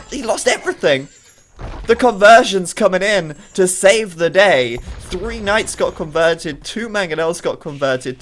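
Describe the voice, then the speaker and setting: A man commentating a strategy video game live, chatty and excitable, with jokey asides between the action. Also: on the high side.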